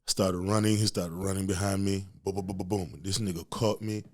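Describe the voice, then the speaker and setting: Podcast host, young man from Africa, lowish voice, animated profane storyteller. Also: a little fast, few pauses. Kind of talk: storytelling rant.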